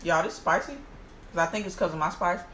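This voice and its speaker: Speaking at normal speed in a lowish voice, this mukbang host is heard in a reverberant space with a little background noise. She eats on a casual vlog, exclaiming with animation and addressing viewers as y'all.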